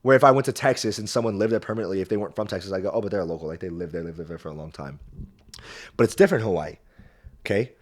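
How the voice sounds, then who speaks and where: A man's voice: deep voice, racing. Rambling, profane young man telling a story. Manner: animated, profane, rambling with frequent fillers. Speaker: podcast host. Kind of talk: casual storytelling.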